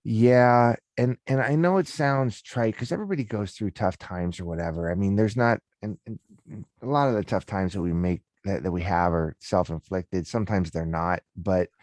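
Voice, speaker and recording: Deep-voiced man telling his story. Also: moderate pace, darkish tone, dry recording. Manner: candid and storytelling, with many restarts. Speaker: guest. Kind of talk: casual interview talk.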